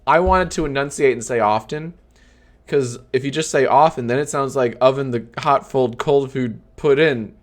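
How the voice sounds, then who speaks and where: A man in his thirties chatting casually on a live stream, joking, sarcastic and swearing freely, often breaking into high laughter. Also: normal speed, hardly any pauses.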